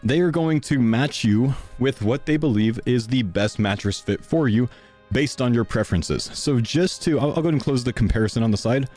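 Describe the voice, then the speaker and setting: A young man streaming live, a little out of breath as he chats his way through a sponsor segment. His voice sits at an ordinary middle pitch, loose and conversational. Faint music plays behind him. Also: brisk, darkish tone. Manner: casual, chatty, talks to chat.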